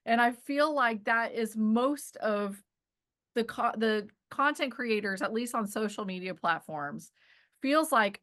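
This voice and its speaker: A woman cinematographer talking as a podcast guest, chatty and animated, laughing as she explains. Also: a little high, a little slow. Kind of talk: casual interview chat.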